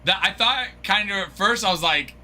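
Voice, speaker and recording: A man's voice: sits high, expressive, normal speed, bright, forceful tone, slight background noise. A man hosting a card break livestream, joking and laughing as he answers viewers by name. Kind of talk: casual livestream chat.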